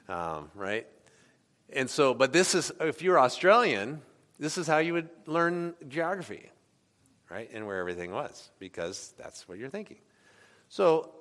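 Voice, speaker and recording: Man preaching a sermon, casual and questioning, bright tone, long hall reverb. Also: medium pitch, very animated, unhurried, long pauses. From United States. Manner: conversational, asks the congregation questions. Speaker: pastor.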